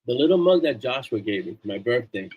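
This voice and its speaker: A man's voice: mid-range voice, sing-song, fast talker, slightly rough, narrow, tinny audio. Chatty man hosting a casual livestream. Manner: chatty and upbeat, plugging links and thanking supporters; loose and off-the-cuff, with fillers and restarts. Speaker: livestream host. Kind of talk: casual live-stream chat.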